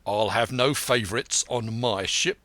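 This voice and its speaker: A man's voice: lowish voice, unhurried, a bit bright, dry recording. A man voicing a stern, curt sea captain who gives clipped, commanding orders in an audiobook.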